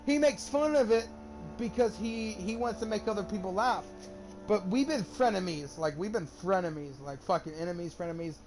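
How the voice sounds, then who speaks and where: A man's voice: high-pitched, moderate pace, faint music behind. A young man streaming a game, telling a rambling, profane story in casual chat. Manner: rambling, profane, animated when quoting. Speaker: gamer streamer. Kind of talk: casual storytelling while gaming.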